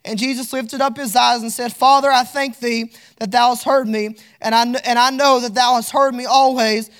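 A man's voice: very high-pitched, level tone, normal speed, fairly bright tone, smooth. A man. He is fervent and repetitive, drifting into a sing-song cadence as he reads scripture aloud. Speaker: preacher. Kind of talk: sermon.

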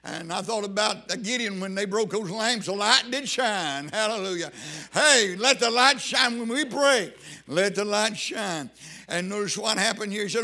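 Man, fervent preacher, high and bright voice, shouts and sung lines. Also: lively intonation, moderate pace, creaky. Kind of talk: revival sermon.

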